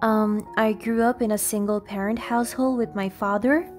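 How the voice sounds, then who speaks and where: A self-assured single mother answering tough interview questions calmly, as a woman narrator reads her. The voice sits slightly high. Soft music plays underneath. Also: normal speed, close to an everyday voice. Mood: composed. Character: composed single-mother job candidate.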